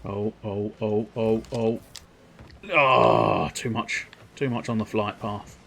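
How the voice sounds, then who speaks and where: A man giving excitable, self-mocking running commentary on his own gameplay while streaming, sometimes turned away from his microphone. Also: on the low side, a little slow, a little hiss or hum. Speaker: livestreamer. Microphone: desk microphone, sometimes turned away.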